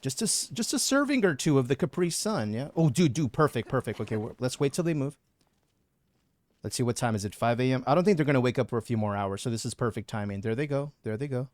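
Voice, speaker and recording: Dude streaming a game, goofy and jokey, voice bounces up and down a lot, mid pitch. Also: male voice, fast talker, no echo. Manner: animated, joking, laughs often. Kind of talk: casual live-stream chat.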